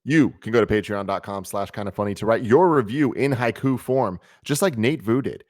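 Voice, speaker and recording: A man hosting a podcast segment, briskly reading out listener submissions. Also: lowish voice. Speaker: podcast host.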